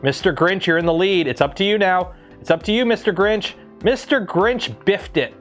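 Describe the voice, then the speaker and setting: A man's voice: sits high, normal speed, soft background music. A man from Canada hosting a livestream, talking casually and rambling with lots of ums and restarts. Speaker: livestream host.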